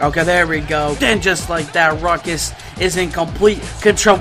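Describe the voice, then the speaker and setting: A young man doing excited let's-play commentary as a gaming YouTuber, yelling at big moments. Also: fairly high pitch, normal speed, few pauses, soft background music.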